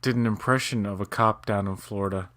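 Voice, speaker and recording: A man's voice: on the low side, steady tone, a little fast, a bit bright, no echo, clean studio sound. A man co-hosting a casual watch-along chat, rambling loosely with many fillers. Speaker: podcast co-host.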